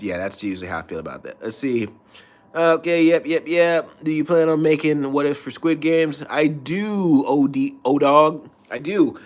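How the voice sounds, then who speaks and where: A man streaming, ranting in a loose, profane way with frequent restarts. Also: medium pitch. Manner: profane, rambling, restarts often. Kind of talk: casual rant.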